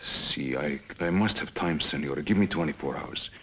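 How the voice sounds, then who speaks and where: A man's voice: very deep voice, normal speed, fairly bright tone, slightly rough, exaggerated voice. An actor playing a cowed middle-aged henchman in 1950s TV drama style, hesitant and pleading. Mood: nervous.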